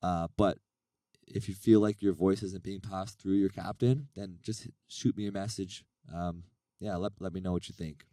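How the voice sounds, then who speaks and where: A man with a raspy voice co-hosting a casual podcast, rambling earnestly about running his league. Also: low voice, steady tone, moderate pace, warm tone, no echo. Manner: rambling, self-deprecating, earnest. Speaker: podcast co-host and league organizer.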